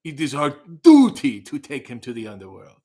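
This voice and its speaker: A man putting on the voice of a solemn ancient Egyptian from an old epic film, speaking gravely and stiffly. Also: medium pitch, wildly swooping pitch, moderate pace, mellow. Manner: grave, declaiming, stiff biblical-epic delivery.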